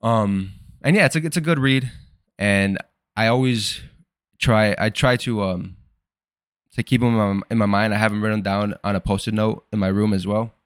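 A man's voice: lowish voice, moderate pace, clear, resonant tone, no echo, studio quality. A young man hosting a podcast, rambling through a casual, profane and self-deprecating personal monologue. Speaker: podcast host.

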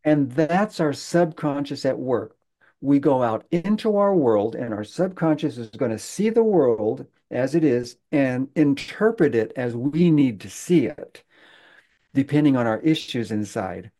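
A man speaking as a guest, telling a story in a halting way with many fillers and restarts. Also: mid-range voice, animated, dark tone. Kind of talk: conversational storytelling.

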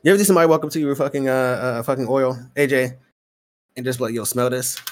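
A man's voice: mid-range voice, quick pace. A man hosting a podcast, telling a long story in casual chat, swearing freely and acting out both sides of conversations. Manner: profane, animated storyteller acting out exchanges. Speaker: podcast host.

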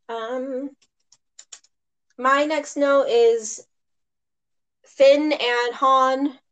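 Chatty American woman, higher voice. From United States. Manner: chatty, laughs often, quick asides. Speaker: podcast co-host. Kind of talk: casual chat.

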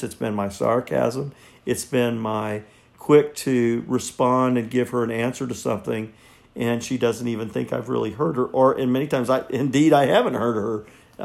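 A man in his sixties, a marriage counselor, speaking in an earnest, halting way as he reflects and teaches. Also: medium pitch, fairly even intonation, vocal fry, darkish tone. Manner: earnest, halting, repeats words.

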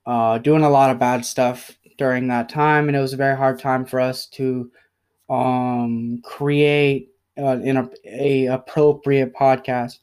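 Alone on his podcast, a young man apologizes haltingly, pausing often and saying "um" a lot. His voice is smooth, clear and a little mellow, with little pitch movement, staying level in pitch, and he sounds emotional.

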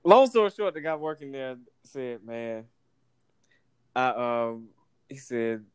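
A man's voice: mid-range voice, slow, clean tone, no echo. A man, casually telling a story, acting out the people in it and laughing often. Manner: animated, acts out voices in anecdotes, laughs often.

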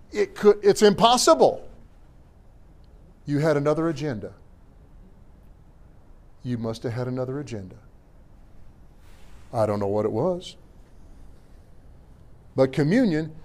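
A middle-aged man preaching a sermon as pastor in a church, animated and joking with the congregation between scripture readings. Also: medium pitch. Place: church sanctuary.

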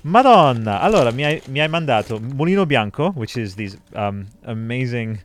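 A man hosting a podcast in casual chat, effusive and quick to burst into excited exclamations. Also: mid-range voice, a little hiss or hum. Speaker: podcast host.

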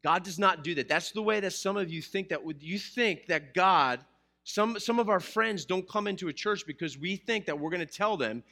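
Before a live church congregation, a pastor preaches in a high-sitting voice that's creaky, bright, and forceful, at normal speed. He mixes scripture with humor and questions to his listeners.

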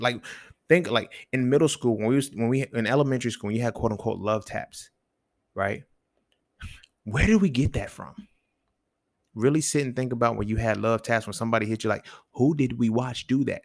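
A young man riffs alone on his podcast in loose, profane street slang, his voice gravelly and full of fry. He keeps asking the listener questions that leap up in pitch. The sound is dry and close, with no room around it. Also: animated, moderate pace, no room sound. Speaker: podcast host. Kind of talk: casual solo monologue.

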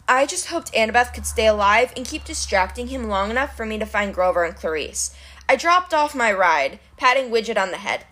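Woman, storybook narration, animated and wry, fairly high voice. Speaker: reader of a novel. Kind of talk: storybook narration read aloud.

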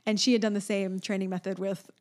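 A woman in her thirties telling a long family story in a casual chat, animated and acting out the people she quotes. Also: quick pace. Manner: animated storyteller, acts out a toddler's high voice. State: pregnant.

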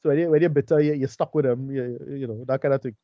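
Fast-talking man, dull lo-fi sound. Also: medium pitch, steady tone, dry recording. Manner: quick, halting, with many restarts. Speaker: podcast co-host. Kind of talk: casual film review chat.

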